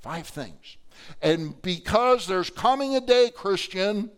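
Middle-aged male pastor for an animated sermon; clear, resonant tone, fairly high, jumps from shouts to whispers. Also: takes it slowly. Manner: animated preaching, acts out quotes with sudden loud and soft swings.

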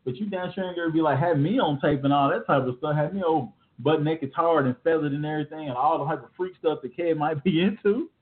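A man in his thirties co-hosting a podcast, telling stories in animated, slangy casual chat. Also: fairly high pitch, quick pace, few pauses. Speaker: podcast co-host. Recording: tinny phone-like audio.

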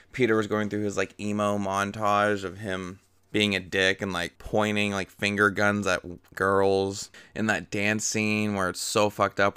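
Young man, casual movie podcast host, rambling profane chatter, low-ish voice, dry close mic. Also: bright, forceful tone, smooth, dry recording. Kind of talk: casual solo movie review.

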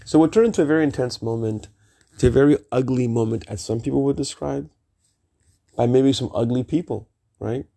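A man's voice: medium pitch, a little fast, creaky, dark tone. A middle-aged man vlogging, telling a rambling personal story in an emphatic, digressive way and swearing freely.

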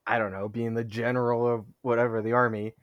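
A man chats on a movie podcast, laughing often as he trades quick banter. His voice sits at a middle pitch and sounds dry and close to the mic. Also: level tone, clear, resonant tone, no echo, highs cut off. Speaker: podcast co-host. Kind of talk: casual movie-rewatch chat.

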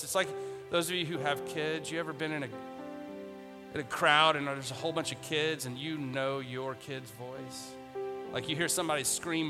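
A man's voice: on the high side, steady tone, normal speed, big-room sound, music in the background. A man preaching a conversational sermon as a pastor, retelling Bible scenes in casual modern speech and repeating phrases for emphasis.

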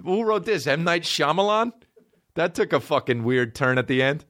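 A young man chats on a comedy podcast, his pitch swinging widely as he jumps from disbelief to mockery. He reads strangers' personal ads aloud and tears into them in crude, incredulous asides. The sound is dry and close, with almost no room in it. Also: animated, fast talker, a bit bright, no room sound. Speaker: podcast co-host. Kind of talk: casual comedy podcast chat.

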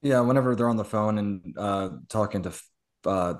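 A man hosting a casual film podcast, halting and apologetic, passing the turn to others. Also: fairly low pitch, a little mellow.

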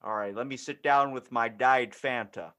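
A man's voice: mid-range voice, moderate pace, fairly bright tone, pitched below the performer's own voice, close to an everyday voice. A man voicing a senile, tech-clueless old dad in an improvised comedy scene, bumbling and folksy.

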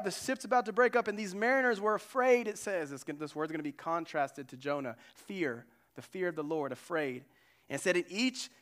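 Male pastor, sermon, chatty and digressive, resonant, slightly high. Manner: conversational, digressive, animated storytelling.

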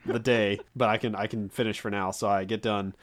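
A man's voice: on the low side, level tone, a little fast. A man co-hosting a casual chat, telling rambling, self-deprecating stories with many restarts. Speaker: podcast co-host.

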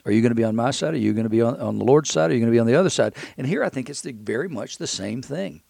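A man's voice: medium pitch, animated, rapid-fire, vocal fry, a little mellow, no echo, clean studio sound. A man teaching a Bible passage verse by verse, talking conversationally with many restarts and reading scripture aloud.

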